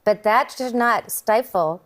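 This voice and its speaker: A woman's voice: on the high side, slow. A woman on a TV panel debate, making pointed, sardonic arguments.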